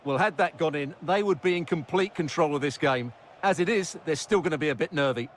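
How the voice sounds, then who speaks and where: A man voicing a football co-commentator in a video game, weighing up the play in calm, reflective sentences. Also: fairly high pitch, fairly quick, slight background noise, natural voice. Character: measured male football co-commentator. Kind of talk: video game match analysis.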